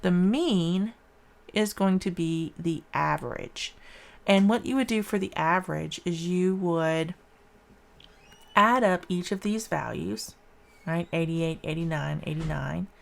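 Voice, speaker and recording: Slow, gravelly-voiced woman math teacher. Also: lowish voice. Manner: thinking aloud while counting, informal. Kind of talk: casual classroom math lesson.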